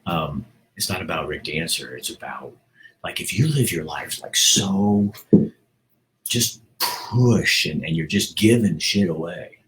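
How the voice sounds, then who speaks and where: Man, very low voice, middle-aged, earnest rambling monologue, many restarts. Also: lively intonation, a little slow, fairly bright tone, poor audio. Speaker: host. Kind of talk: casual monologue.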